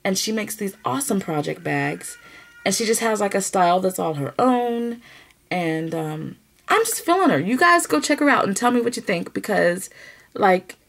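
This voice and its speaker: A woman's voice: mid-range voice, normal speed, creaky. A woman hosting a knitting podcast, chatting casually to camera with lots of laughter. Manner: chatty, animated, laughs often. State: emotional, near tears at times.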